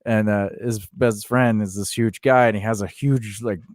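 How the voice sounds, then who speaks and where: A man co-hosting a casual podcast chat, telling stories in a rambling, animated way with many restarts. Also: on the low side, moderate pace, dry recording, clean studio sound. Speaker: podcast co-host.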